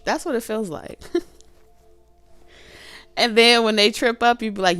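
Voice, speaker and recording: A woman's voice: medium pitch, takes it slowly, pauses often, smooth, dry recording. A woman giving a casual tarot reading, chatty and colloquial, laughing often and acting out what people might say. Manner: animated, laughs often, acts out quoted voices. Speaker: tarot reader.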